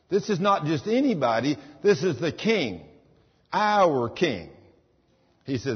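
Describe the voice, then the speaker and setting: A fairly high-voiced man preaching with emphatic, commanding force. His voice is a little husky. It rings through a church hall on a dull recording. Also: sing-song, normal speed. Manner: emphatic, rises to commanding bursts. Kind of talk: sermon. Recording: dull sound with long hall reverb.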